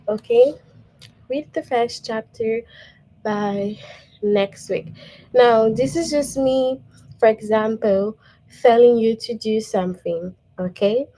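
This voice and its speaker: A woman's voice: a little high, slow, warm tone, poor audio. A woman teacher giving a patient grammar lesson to young children, checking in with "okay?" and reading example sentences aloud.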